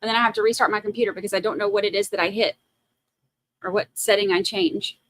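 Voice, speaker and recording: A woman's voice: medium pitch, fairly even intonation, fast talker, dry recording. A woman hosting a trial stream, chatting in a casual, playful way on a close mic. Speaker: host commenting on a trial stream. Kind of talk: casual live commentary.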